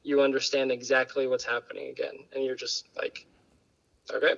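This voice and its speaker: Bright-voiced man rambling on a podcast. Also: mid-range voice, monotone, brisk, vocal fry, highs cut off. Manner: rambling, lots of fillers, candid. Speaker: podcast guest. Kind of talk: casual chat.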